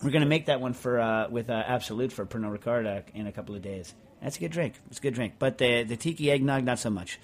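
A man's voice: mid-range voice, quick pace. A man hosting a podcast in casual chat, rambling and emphatic, full of restarts as he answers listener mail. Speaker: podcast host.

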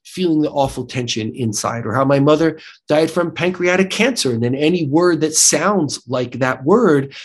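Speaking with a fairly high, slightly rough voice at a moderate pace and barely pausing, an American interview guest talks about his book and clinic. He's animated, restarts often, and keeps checking in with "right?".

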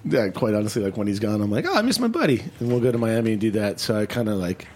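A man's voice: fairly low pitch, fast, a little hiss or hum. A man talking as a bartender guest in a casual studio podcast, laughing as he speaks. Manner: lively, laughs as he talks.

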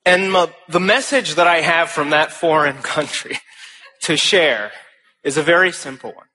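A young man speaks at a conference in a bright, forceful voice that sits a little high. He tells stories to the audience in an animated way and often pokes fun at himself. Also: moderate pace, soft background music. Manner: animated, self-deprecating storytelling. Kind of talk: speech to a live audience.

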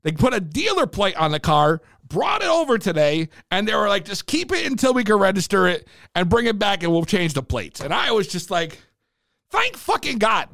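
A man telling a profane, animated rant about buying a car, in casual storytime style. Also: high-pitched, a little fast, vocal fry, hardly any pauses, no room sound, studio quality. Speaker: vlogger.

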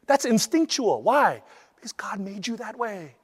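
A man teaching how to deliver a sermon, lively and acting out the voices he quotes. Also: high-pitched, a little slow, husky, in a large hall. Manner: animated, acts out quoted voices. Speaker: preaching instructor.

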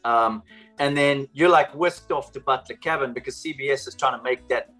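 A man with a bright, sharp tone tells a story in a chatty way. He scatters in fillers as he goes, like a golf champion recalling the moment. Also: mid-range voice, moderate pace, soft background music, poor audio. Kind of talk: casual storytelling.

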